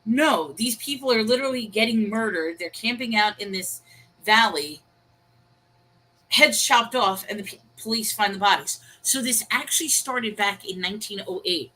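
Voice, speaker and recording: A woman co-hosting a casual online chat show, telling stories in an animated, chatty way. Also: medium pitch, moderate pace, slightly rough, low-quality recording. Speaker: co-host.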